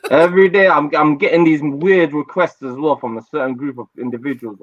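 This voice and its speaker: A man calls into a panel chat and takes everything in a laid-back, dismissive way. His voice is mid-pitched and comes through a dull, lo-fi line. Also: a little fast, few pauses. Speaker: panel guest. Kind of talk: casual chat.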